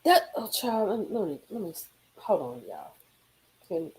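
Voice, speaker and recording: A woman hosting a casual live stream from a car, reading gossip aloud and reacting with sudden high exclamations and low murmurs. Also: normal speed, poor audio. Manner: animated, swings into high exclaims and drops to murmurs.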